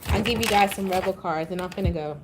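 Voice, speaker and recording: A woman's voice: medium pitch, quick pace. A woman giving a casual tarot reading, blunt, profane and chatty, drifting into playful tangents. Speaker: tarot reader. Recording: faint background noise.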